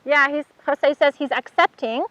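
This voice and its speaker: A woman's voice: high voice, moderate pace, a bit bright, no room sound, dull audio. A woman teaching a horsemanship workshop, talking casually while working with a horse and often praising it. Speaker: horsemanship instructor. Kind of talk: hands-on outdoor lesson demonstration.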